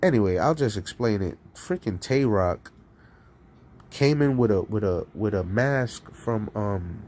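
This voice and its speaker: A man talking casually on his live stream, rambling and profane, laughing between lines and swinging from loud outbursts to low mutters. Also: animated, a little slow, slight background noise. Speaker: streamer and rapper.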